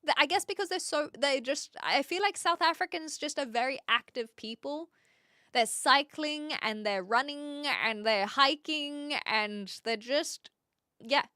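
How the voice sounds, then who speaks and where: A woman's voice: high-pitched, a little slow, pushed and bright, no echo, clean studio sound. A woman with an Australian accent, chatting casually with her live stream viewers, often restarting her sentences as she answers the chat.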